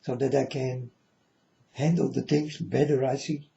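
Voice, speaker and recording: A man talks slowly to his viewers in a relaxed, mellow voice, circling back to the same points and asking again and again whether they follow. The sound is dull and lo-fi. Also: medium pitch, vocal fry. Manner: slow, repetitive, keeps asking the listener "you understand?". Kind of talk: casual spiritual monologue to viewers. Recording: dull lo-fi recording.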